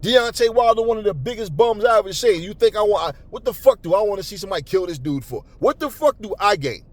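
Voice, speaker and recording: A man, his voice sitting fairly high for a man, goes off in a heated, profane rant. He stammers and repeats words as he gets worked up, talking off the cuff to his audience. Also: fast talker. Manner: calmer and lower later on. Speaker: boxing commentary channel host. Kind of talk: angry unscripted rant to camera.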